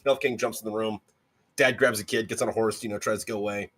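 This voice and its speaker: A man guesting on a casual podcast, retelling grim fairy tales in an animated, profane way and doing voices for the characters. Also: on the low side, fast. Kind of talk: casual chat.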